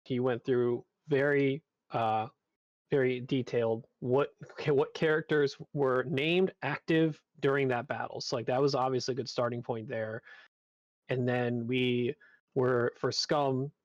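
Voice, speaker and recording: Dude talking game design, kinda muffled lo-fi mic, dry, rambly. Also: male voice, medium pitch, fairly even intonation, unhurried, no room sound. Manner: rambling, many fillers. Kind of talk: casual panel talk.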